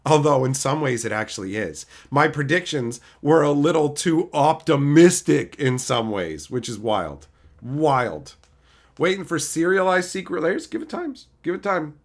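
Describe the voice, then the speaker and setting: A man's voice: fairly high pitch, very animated, measured pace. A middle-aged man ranting casually on a livestream, reading chat and mocking commenters, with frequent swearing. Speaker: streamer reading live chat.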